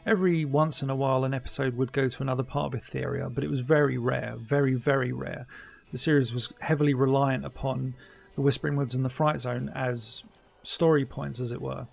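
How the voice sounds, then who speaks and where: A man's voice: medium pitch, steady tone, brisk, vocal fry. A middle-aged man giving a casual, chatty commentary over an old cartoon, wry and mock-dismissive. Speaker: commentary host.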